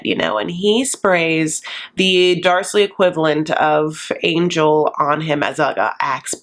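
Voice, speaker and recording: Sassy woman dishing on a reality show, low-ish voice, campy asides, chatty recap vibe. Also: expressive, moderate pace. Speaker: YouTube recap host. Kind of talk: casual TV recap commentary.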